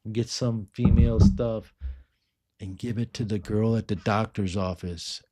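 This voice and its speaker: A middle-aged man who sells fragrances, chatting casually on a livestream and rambling through viewer questions with many quiet asides. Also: lowish voice. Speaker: fragrance seller answering live chat.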